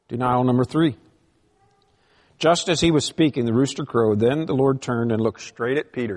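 A man's voice: mid-range voice, expressive, normal speed, big-room sound. A man preaching a sermon, reading scripture aloud with emphatic rises and drops in his delivery. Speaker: pastor.

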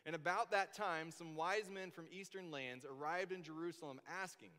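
A man preaching a sermon in church, telling the story in a lively way and acting out the quoted voices. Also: fairly high pitch, moderate pace, few pauses. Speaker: pastor. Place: church sanctuary. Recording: long hall reverb.

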